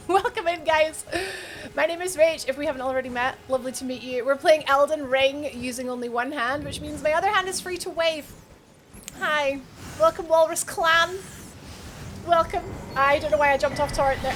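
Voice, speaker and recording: A woman's voice: high-pitched, moderate pace, a little hiss or hum. A woman from Scotland with an Edinburgh accent, chatting casually with her live-stream audience, laughing often and greeting viewers by name. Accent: Edinburgh Scottish. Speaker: game streamer.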